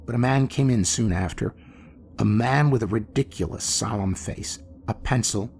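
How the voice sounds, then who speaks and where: A man narrating a classic horror story in an expressive, theatrical manner. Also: fairly low pitch, moderate pace, creaky, a little hiss or hum. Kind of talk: dramatic horror story reading. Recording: faint music bed behind.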